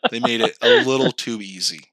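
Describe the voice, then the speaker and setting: A man co-hosting a podcast in casual chat, animated and swearing, acting out outbursts. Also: medium pitch, fairly quick, no echo. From California. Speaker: podcast co-host.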